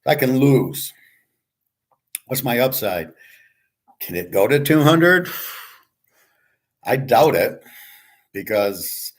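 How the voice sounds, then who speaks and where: A man hosting a casual solo monologue on markets and poker, blunt and profane, rambling with frequent restarts and sarcastic asides. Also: on the low side. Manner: opinionated, sarcastic. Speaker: host giving market and poker tips.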